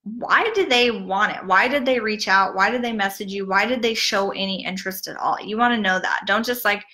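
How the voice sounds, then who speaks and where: A woman giving a casual online marketing training, chatty and full of "like" and "um", who mimics gushing sales messages with big jumps in pitch. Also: brisk, sharp tone. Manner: chatty, peppered with "like" and "um". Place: streaming from home over the internet.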